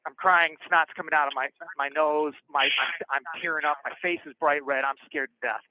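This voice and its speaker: A man frankly telling stories from his past over a phone call, animated and acting out the voices of the people in them. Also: a little high, brisk, heavy background noise. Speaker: guest storyteller. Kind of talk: casual storytelling on a call. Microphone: prison phone. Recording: tinny phone line.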